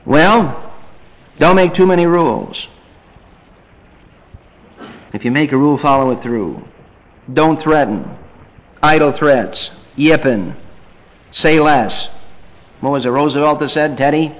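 Animated, fairly high-voiced male preacher. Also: takes it slowly, long pauses, poor audio. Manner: animated, acts out family scenes in quoted voices; swings from loud bursts to quiet, low asides. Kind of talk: sermon.

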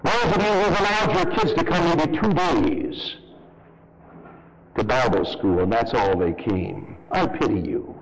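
A man preaching a fervent sermon as pastor, his voice leaping high for emphasis and then dropping low. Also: measured pace, long reverb tail. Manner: fervent preaching with sharp rises and drops in pitch. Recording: loud background noise.

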